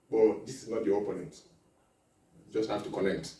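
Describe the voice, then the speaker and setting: A man giving a lively marriage seminar talk, laughing often and acting out little dialogues as he teaches. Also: on the low side, fairly quick, long pauses, faint music behind. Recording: echoey hall recording from far off.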